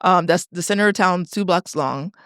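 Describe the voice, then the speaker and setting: A woman from Detroit, a podcast guest, telling a family story in an animated, chatty way with frequent laughs. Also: on the low side, moderate pace, no room sound, studio quality. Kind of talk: conversational storytelling. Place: podcast studio.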